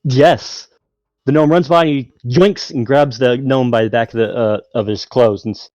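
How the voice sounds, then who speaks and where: A man's voice: medium pitch, moderate pace, darkish tone, dry recording. A man narrating a tabletop game as game master, in a hesitant way with many fillers.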